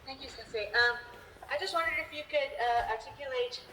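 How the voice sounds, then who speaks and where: A woman's voice: high-pitched, fairly quick, sharp tone. A woman, a seminar participant, politely and hesitantly asking a question over a video call. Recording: roomy video call with faint hiss.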